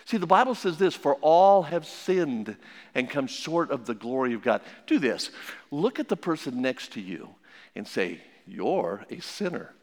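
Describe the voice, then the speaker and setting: A man preaching a sermon as pastor, emphatic, swinging between loud and hushed. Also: on the high side, big pitch swings, normal speed, long reverb tail.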